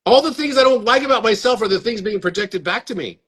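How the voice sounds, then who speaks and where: A man's voice: high voice, expressive, fast, a bit bright, husky. A man hosting a live stream chat, earnest and inviting, often repeating words as he talks. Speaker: host. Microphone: phone or webcam on a live stream.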